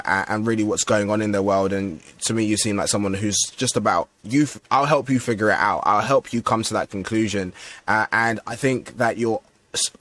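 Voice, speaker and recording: A podcast host with a lowish, fairly bright voice conducts a casual interview, posing long, meandering questions filled with fillers and restarts.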